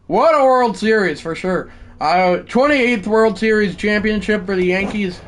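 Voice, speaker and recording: A man hosting a live stream, calling a video game baseball match, shouting at big moments and mumbling goodbyes to chat. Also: normal speed, a little hiss or hum. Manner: excitable, shouts celebrations then drops to low mumbles. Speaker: livestream host.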